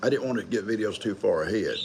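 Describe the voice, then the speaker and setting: A man's voice: fairly low pitch, lively intonation, fast, heavy background noise. An older man hosting a live stream, rambling in a folksy way and greeting viewers one by one. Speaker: livestream host. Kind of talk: casual live chat.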